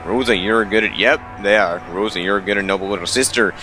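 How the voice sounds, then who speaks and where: Young guy reading a visual novel out loud, lowish bright voice, keeps tossing in snarky comments. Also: fast talker, slight background noise. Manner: wry asides, stumbles over the text. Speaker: let's player.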